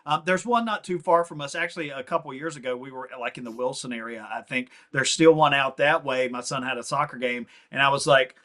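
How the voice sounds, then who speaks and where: A man's voice: medium pitch, brisk, few pauses, fairly bright tone. A middle-aged man co-hosting a casual chat show, easygoing and nostalgic, laughing along. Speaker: podcast co-host.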